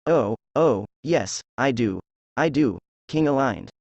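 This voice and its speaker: A man's voice: medium pitch, expressive, slow, vocal fry, a little mellow, no echo, muffled recording. A man voicing a meek, fawning male jester who serves a scheming king, in a script read-aloud. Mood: cowering.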